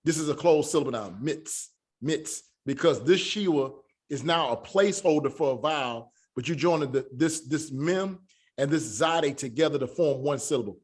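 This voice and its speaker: Male online teacher: halting delivery, many fillers, slow syllable drills. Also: on the high side. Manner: spells out sounds slowly. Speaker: Hebrew teacher.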